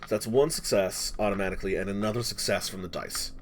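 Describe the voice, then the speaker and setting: A man's voice: fairly low pitch, quick pace, over music. A man running a tabletop game as game master, narrating scenes dramatically and asking players for rolls. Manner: dramatic, descriptive storytelling with frequent restarts.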